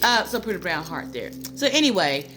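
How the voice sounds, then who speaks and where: A woman's voice: fairly low pitch, big pitch swings, brisk, over music. A woman in her fifties speaking into her phone in a rambling, personal way, near tears, full of fillers and asides. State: tearful, near crying. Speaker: spiritual channel host. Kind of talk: casual spiritual talk to viewers.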